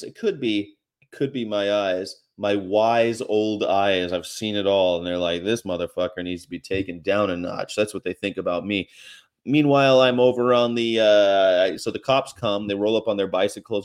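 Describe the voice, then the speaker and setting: A young adult man and activist vlogger, rambling through a personal story with a wry, self-mocking tone, trailing off and restarting often. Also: on the low side. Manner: wry, self-mocking, acts out quotes in raised voices.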